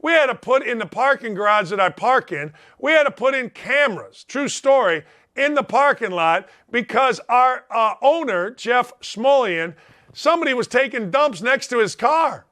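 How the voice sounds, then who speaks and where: Brief: middle-aged man, sports talk host, high forceful voice, blunt folksy ranting monologue. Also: lively intonation, normal speed. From Indianapolis, United States. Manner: blunt, riled-up, folksy slang. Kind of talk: opinionated sports radio monologue.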